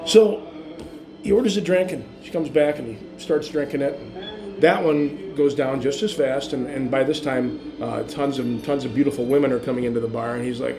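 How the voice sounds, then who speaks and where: A man telling a long bar joke in a rambling, filler-heavy way, getting louder and more animated as he goes. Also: normal speed, music in the background. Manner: rambling storytelling with many fillers, growing louder and higher toward the punchline. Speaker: joke teller.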